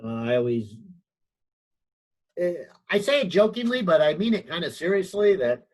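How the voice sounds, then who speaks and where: A man's voice: high-pitched, sing-song, normal speed, pauses often, poor audio. A man teaching a physics help session over a video call, thinking aloud with lots of fillers and a few light jokes. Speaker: physics instructor. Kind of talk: online class help session.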